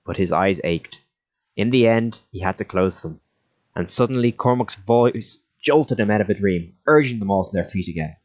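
A man narrating a story in a steady audiobook reading style. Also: fairly low pitch, normal speed. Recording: dull lo-fi recording.

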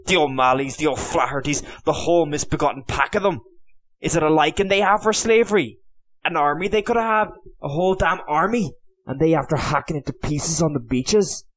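A man voicing a furious young Irish nobleman who sputters and shouts his indignation in a storybook reading. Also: mid-range voice, animated, normal speed, lightly acted. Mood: raging.

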